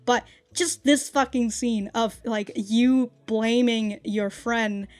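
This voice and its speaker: A woman's voice: fairly high pitch, fairly even intonation, takes it slowly. A woman hosting a casual reaction commentary who swears a lot, laughs often and rambles with restarts. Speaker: reaction video host.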